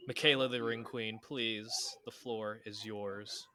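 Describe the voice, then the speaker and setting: A man hosting a podcast with a dry, self-mocking, somewhat flat delivery. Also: on the low side, slow. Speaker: podcast host. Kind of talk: casual podcast chat.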